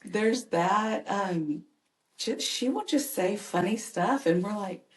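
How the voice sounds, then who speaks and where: A woman's voice: medium pitch, expressive, takes it slowly. A woman, a mother and caregiver, telling personal stories earnestly and animatedly as a podcast guest. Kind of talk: conversational personal storytelling. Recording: echoey room.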